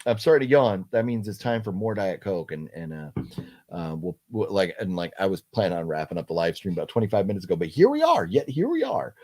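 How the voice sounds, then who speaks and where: Halting, low-voiced man hosting a live chat. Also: a little mellow. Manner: halting, many fillers and restarts. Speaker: livestream host. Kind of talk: casual live chat reading comments.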